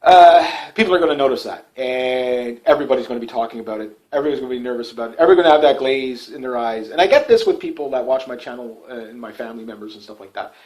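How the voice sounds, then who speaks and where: A man's voice: mid-range voice, animated, very fast, few pauses, darkish tone, rough recording. A middle-aged man delivering a casual political monologue to his channel, rambling and repetitive with frequent restarts. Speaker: political YouTuber.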